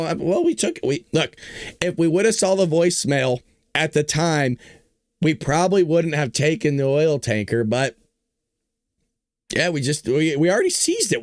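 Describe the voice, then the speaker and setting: A hoarse man hosting a casual political commentary show, joking and talking to his audience. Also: a little high, dry recording, studio quality. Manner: animated, joking, talks to the audience. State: hoarse, voice worn out. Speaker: show host.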